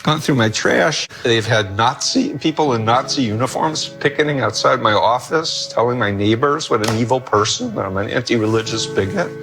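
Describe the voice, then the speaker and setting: A man with a mid-pitched voice speaks with lively, swinging intonation and real emphasis. He sounds emotional as he pays tribute, with clear music playing behind him. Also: moderate pace, few pauses. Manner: emphatic, animated praise. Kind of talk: documentary interview. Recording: music underneath.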